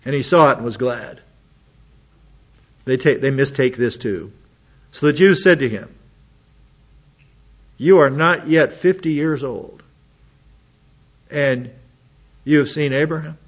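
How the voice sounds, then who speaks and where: A man with a mid-range voice, recorded with the highs cut off, preaches a sermon. He reads Bible passages aloud and then breaks in with quick, casual, plain-spoken asides.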